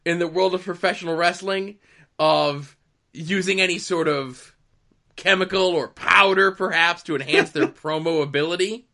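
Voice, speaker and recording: A man's voice: high-pitched, moderate pace. A man telling wrestling backstage stories in casual podcast chat, with sly asides. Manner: animated storyteller, sly asides.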